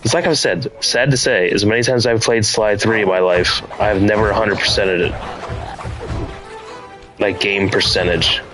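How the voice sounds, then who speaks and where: A man's voice: fairly low pitch, fairly even intonation, normal speed, a bit bright, poor audio. A man streaming a game and talking casually, musing and rambling about his plans as he plays. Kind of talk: casual live-stream commentary. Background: faint game music.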